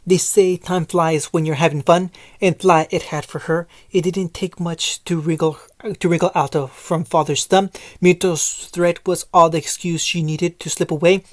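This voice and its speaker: A woman's voice: on the low side, fairly even intonation, moderate pace, a little mellow, no echo. A woman reading a fan fiction story aloud, often stumbling over words and correcting herself. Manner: frequent stumbles and self-corrections while reading. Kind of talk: storybook narration read aloud.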